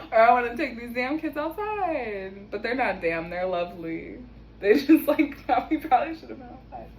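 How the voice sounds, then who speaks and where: A woman's voice: on the high side, very animated, moderate pace, darkish tone, rough recording. A young woman telling a casual story at home, chatty, laughing often and swearing casually. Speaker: vlogger. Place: home kitchen.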